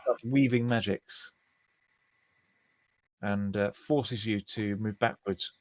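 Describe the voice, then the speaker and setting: A man in his twenties or thirties, running a tabletop game online as dungeon master, talking in a relaxed, chatty way with many fillers. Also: lowish voice, takes it slowly, no echo.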